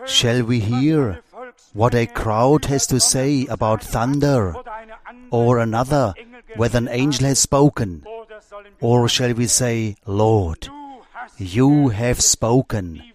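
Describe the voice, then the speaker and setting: A man preaching a sermon, reading scripture aloud in a deliberate, measured way. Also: medium pitch, fairly even intonation.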